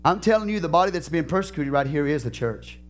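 A man pastor preaching a sermon in a church, fervent and questioning, with shouted peaks and slow drawn-out phrases. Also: fairly high pitch, expressive.

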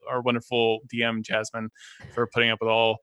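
Bright, playful man on a game stream. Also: mid-range voice, monotone, fairly quick, smooth, no room sound. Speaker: game player. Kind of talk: casual chat.

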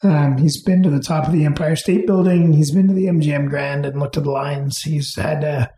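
A man, raised in Canada, telling relaxed, rambling stories as an interview guest, with plenty of fillers and restarts. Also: on the high side, a little fast, echoey room. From England, raised in Canada. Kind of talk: casual storytelling.

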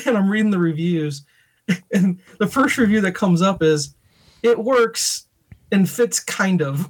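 Husky high-voiced man telling stories. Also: a little slow. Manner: animated storytelling, laughs often. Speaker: podcast co-host. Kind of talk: casual chat.

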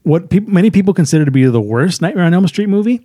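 A man co-hosting a film review podcast, telling the plot in casual chat, halting with fillers and acting out lines. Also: high voice, expressive, mellow, no echo, clean studio sound.

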